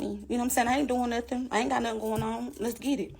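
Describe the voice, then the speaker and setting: Woman storyteller, fairly high voice, emphatic and animated, addresses the audience directly. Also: rapid-fire, vocal fry. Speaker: storyteller giving a testimony. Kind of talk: casual storytelling to viewers.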